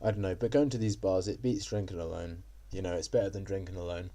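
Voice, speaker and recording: Young guy rambling on in a vlog, low mellow voice, kinda down on himself. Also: steady tone, quick pace. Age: young adult. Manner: rambling and self-deprecating, with many fillers. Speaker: vlogger. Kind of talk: casual monologue.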